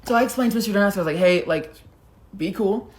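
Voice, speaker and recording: A young woman tells a storytime on her vlog. She talks in a loose, chatty way, swears freely and leans on filler words. Her voice sits at an ordinary middle pitch. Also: fast talker, a little mellow. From Denver, United States. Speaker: content creator.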